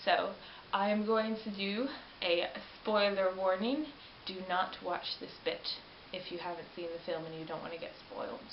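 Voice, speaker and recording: A woman vlogger chatting casually about a film she reviews, animated and rambling, often correcting herself mid-sentence. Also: mid-range voice, normal speed, hardly any pauses. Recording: roomy, dull lo-fi webcam audio with faint hiss.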